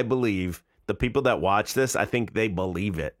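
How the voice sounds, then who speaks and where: A man's voice: low voice, normal speed, few pauses, no room sound, clean studio sound. A man in his forties streaming live, reacting to videos in casual, incredulous, mocking commentary. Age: 40s.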